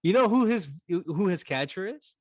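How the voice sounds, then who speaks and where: A man's voice: high voice, animated, moderate pace, darkish tone, no echo, clean studio sound. A man hosting a casual podcast, laid-back and swearing, reacting to his guest's story. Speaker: podcast host.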